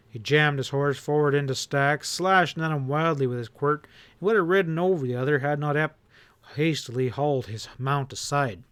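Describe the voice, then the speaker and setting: A man narrating a western novel audiobook in a steady storytelling delivery. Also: mid-range voice, normal speed, clear, resonant tone, no echo. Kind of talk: reading a western novel aloud.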